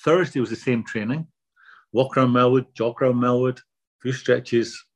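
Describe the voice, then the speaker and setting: Older man with a husky voice. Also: mid-range voice, steady tone, normal speed. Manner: anecdotal, self-deprecating, repeats words when starting. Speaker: guest. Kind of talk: relaxed storytelling interview.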